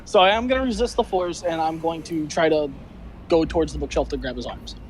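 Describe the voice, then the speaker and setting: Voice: medium pitch, brisk, background noise. A player talking casually in a tabletop game.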